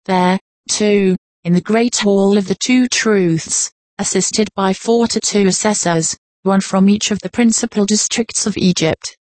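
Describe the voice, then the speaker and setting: A woman reading an old nonfiction text aloud in a measured, formal narration. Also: medium pitch, darkish tone, dry recording. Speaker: audiobook reader.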